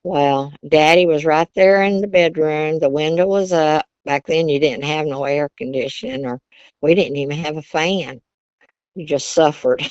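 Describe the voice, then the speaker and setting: A woman's voice: sits low, normal speed, darkish tone, no room sound, muffled recording. An older woman from Virginia, a grandmother, telling stories about her childhood in a chatty way, laughing often and using Southern turns of phrase. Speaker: interview guest, grandmother. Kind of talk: casual storytelling.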